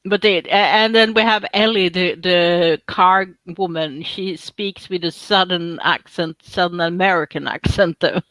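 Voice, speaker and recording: Casting: woman, bright tone, chatty and giggly, dry close sound. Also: lowish voice, steady tone, unhurried, hardly any pauses, no echo, rough recording. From Sweden. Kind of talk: casual chat.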